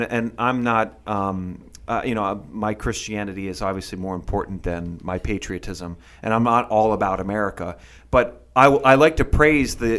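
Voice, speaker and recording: Man with a lowish voice, chatting animatedly. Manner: animated, opinionated storytelling. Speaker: podcast host. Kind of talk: casual chat.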